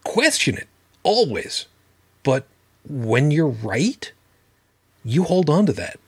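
Male podcast host, husky and dry, blunt and foul-mouthed. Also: fairly high pitch, big pitch swings, slow, no room sound. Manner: blunt, profane, emphatic. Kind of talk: casual livestream talk.

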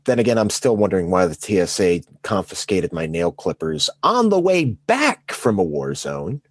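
Blunt husky guy, voice jumps all over, dry close sound. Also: low-pitched, very animated, normal speed, no room sound. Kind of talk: casual chat.

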